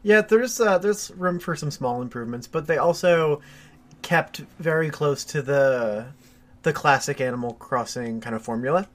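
A young man co-hosting a podcast, explaining his views in an easygoing way with many fillers. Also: a little high. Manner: measured, explanatory, hedging with fillers. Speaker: podcast co-host. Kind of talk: casual chat.

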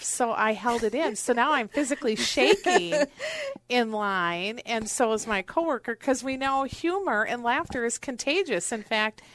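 A woman's voice: fairly high pitch, fairly bright tone, no room sound. A woman hosting a radio talk show, chatting and telling anecdotes in an upbeat way. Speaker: radio show host, wealth advisor. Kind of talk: casual radio interview chat.

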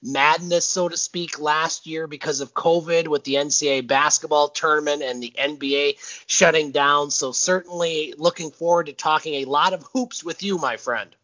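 Easygoing guy co-hosting sports chat, slightly high voice, muffled lo-fi audio. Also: fairly even intonation, normal speed, pushed and bright. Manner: friendly, easygoing, with fillers. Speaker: podcast co-host.

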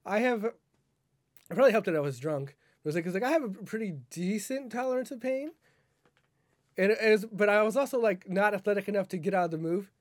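A man co-hosts a casual podcast chat, rambling and correcting himself as he goes. His voice is high and a little fast, captured in clean studio sound without any room noise.

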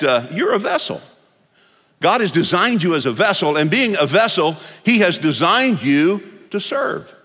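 Folksy preacher in an echoey church. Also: male voice, on the high side, a bit bright. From Texas. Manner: folksy, humorous storytelling with repetitions. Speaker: pastor. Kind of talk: sermon. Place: church sanctuary. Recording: long reverb of a church hall.

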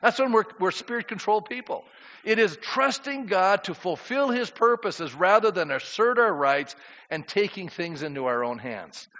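Animated and high-pitched, the male preacher talks at a normal speed with a fairly bright tone, asking his congregation questions throughout a conversational sermon. Sound in the reverberant sanctuary comes across dull.

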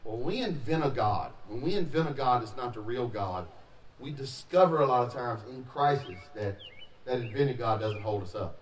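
A male pastor delivers a sermon in a loose, joking, conversational way, breaking into loud emphatic bursts. His voice carries a roomy echo and sits back from the microphone, with faint ambience behind it. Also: medium pitch, expressive, normal speed, recorded from a distance, a little hiss or hum.

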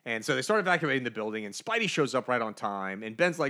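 A man's voice: medium pitch, fast talker. A man co-hosting a podcast, recapping a comic book in casual chat, briefly putting on the characters' voices as he tells it. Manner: animated storyteller, briefly voicing characters. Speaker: podcast co-host.

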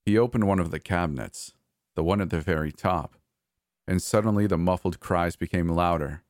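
A man narrating a first-person horror story in a measured storytelling way. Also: sits low, no room sound, clean studio sound.

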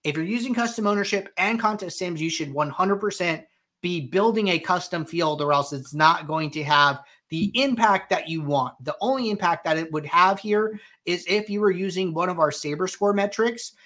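A man hosting a live question-and-answer show, explaining software settings in a conversational way with frequent fillers. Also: high voice, moderate pace. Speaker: host answering viewer questions. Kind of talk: live Q&A tutorial, walking through software.

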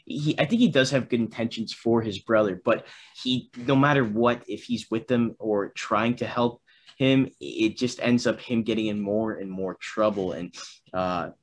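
A young man in a casual chat about a film, talking in halting stretches full of restarts and fillers. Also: fairly low pitch. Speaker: film discussion co-host.

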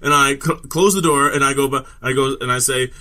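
A man playing a tabletop game, animated and acting out his character's speech. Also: medium pitch, brisk. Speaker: player. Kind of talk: tabletop role-play.

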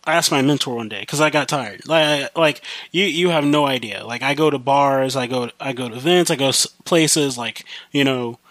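A man's voice: medium pitch, normal speed, few pauses, fairly bright tone, no room sound. A man from the US Midwest with a slight country accent, rambling casually and swearing often on his own podcast. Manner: rambling, profane, many fillers. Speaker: podcast host.

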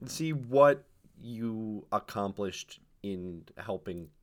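Casting note: a man, low-voiced podcast co-host, talking casually and working his way through his point with a lot of fillers. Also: animated, very slow. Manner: hesitant, lots of fillers. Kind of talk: casual chat.

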